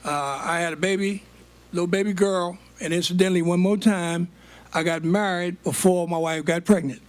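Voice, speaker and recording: High-voiced older man telling stories. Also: normal speed. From United States. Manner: animated storytelling, plays out quoted dialogue. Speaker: guest speaker. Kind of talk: storytelling on stage.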